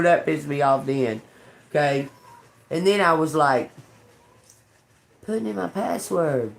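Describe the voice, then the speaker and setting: Tarot livestream host, rambling casual chat, laughs a lot, curses freely, middle-pitched voice. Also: expressive, a little slow, gravelly. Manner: rambling, laughing, heavy swearing.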